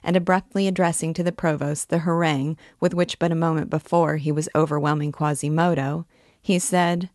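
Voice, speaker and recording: Low-voiced woman reading a novel aloud. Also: no room sound, clean studio sound. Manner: measured, steady narration. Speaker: book reader, guide.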